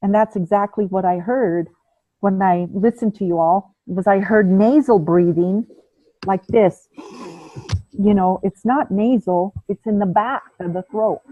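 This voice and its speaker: A woman teaching a breathing class over a video call, calm and patient, demonstrating the breaths aloud. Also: mid-range voice, normal speed. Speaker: ayurveda and yoga teacher. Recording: phone-like, narrow band.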